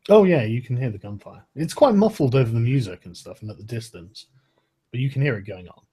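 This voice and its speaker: A man's voice: medium pitch, expressive, a little fast, mellow, slightly rough. A man narrating as game master in a casual tabletop session, swearing freely.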